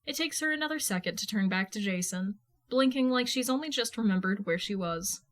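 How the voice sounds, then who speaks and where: A woman reading fan fiction aloud in a casual, lively manner, swearing freely. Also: medium pitch, a little fast. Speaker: podfic reader. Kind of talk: fan fiction audiobook narration.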